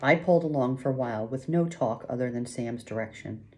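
A woman reading a novel aloud in first person, with measured, hushed suspense. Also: a bass voice. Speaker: audiobook narrator. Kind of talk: scripted first-person narration.

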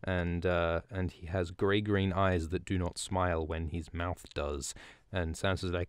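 A man's voice: sits low, fairly even intonation, normal speed, clear, resonant tone, dry recording, clean studio sound. A man hosting a podcast, recapping a book chapter in a rambling, jokey way with frequent swearing and asides. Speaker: podcast host. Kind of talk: casual book recap commentary.

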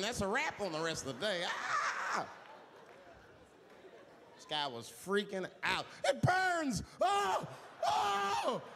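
A man performing stand-up comedy on a theater stage, telling a story in an animated way and acting out the voices of the people in it. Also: high voice. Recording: live theater with long reverb and audience noise. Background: audience laughter.

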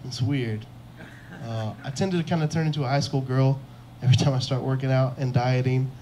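A man's voice: mid-range voice, steady tone, fairly quick, dark tone, a little hiss or hum. A young man doing a stand-up comedy set on a club stage, telling self-mocking stories and acting out the lines of the people in them. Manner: self-deprecating storytelling, acts out quotes.

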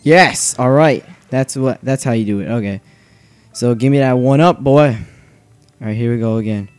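A young man commenting on his own video game play, nervous and self-mocking, breaking into shouts. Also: medium pitch, normal speed, dry recording, faint music behind. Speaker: gaming channel host. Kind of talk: excited let's play commentary.

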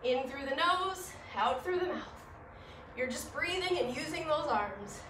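A woman fitness instructor guiding a gentle home workout, upbeat and encouraging, a little winded, recorded in her living room. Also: high voice, lively intonation, a little slow, noisy background. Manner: upbeat, encouraging, laughs at herself. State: slightly winded. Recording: echoey room, mic at a distance.

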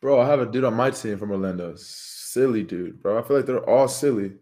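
A young man in his twenties, co-hosting a podcast in relaxed, slangy and profane casual chat. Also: medium pitch, fairly quick. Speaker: podcast co-host.

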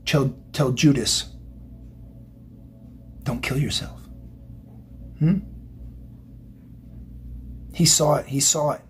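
A man's voice: medium pitch, a little hiss or hum. A man giving a psychic tarot reading, emotional and motivational, rambling and repeating himself. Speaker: tarot reader.

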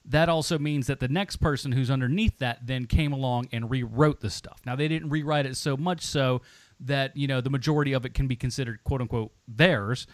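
A man's voice: mid-range voice, fairly quick, no echo. A man co-hosting a movie podcast, rambling and joking in casual chat. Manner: animated, rambling, jokey asides. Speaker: podcast co-host.

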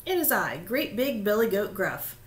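A woman's voice: mid-range voice, very animated, moderate pace, lightly acted. The biggest billy goat speaks firmly and steadily, the eldest brother in charge, as a woman reading a storybook puts him on. He sounds sure of himself and leads the others.

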